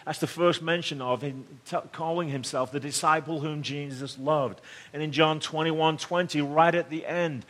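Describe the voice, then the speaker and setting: A middle-aged man preaching a storytelling sermon in a conversational way, swinging between loud emphasis and hushed tones. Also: a little high. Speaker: pastor.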